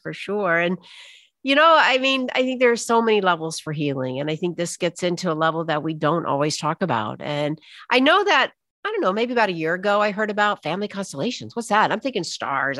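A woman's voice: mid-range voice, a bit bright, dry recording, clean studio sound. A woman hosting a podcast interview, talking earnestly and openly about her own healing. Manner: earnest, open, reflective. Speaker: podcast host. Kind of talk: casual interview chat.

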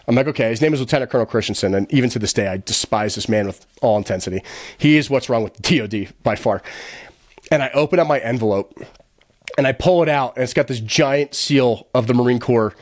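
In a fast, medium-pitched voice with no room sound, this American podcast guest narrates his story casually for an interview. He doesn't hold back, swearing and quoting the people involved to retell events.

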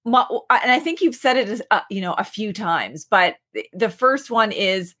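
A woman hosting a casual interview, enthusiastic and quick to agree with her guest. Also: medium pitch, sing-song, pushed and bright. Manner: enthusiastic, lots of affirming backchannel. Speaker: podcast host.

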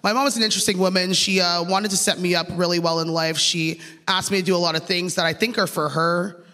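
A Canadian woman delivers a stand-up set with lively storytelling, slipping into the voices of people she quotes. Her voice carries a long reverb tail from the stage. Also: fairly low pitch, quick pace. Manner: animated, acts out quoted voices, laughs through lines. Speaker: stand-up comedian. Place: comedy stage.

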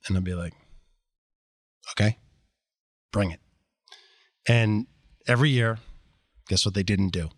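Blunt, animated man telling stories. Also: lowish voice, fairly quick, long pauses, no echo, studio quality. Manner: animated, blunt, self-deprecating, acts out quoted dialogue. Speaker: interview guest, sales executive. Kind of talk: candid conversational storytelling.

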